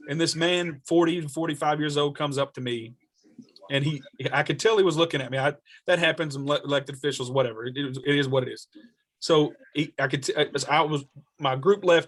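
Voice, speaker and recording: A man's voice: a little high, fairly bright tone. A man who serves as a state representative, answering questions on a video call and telling stories earnestly, with many restarts.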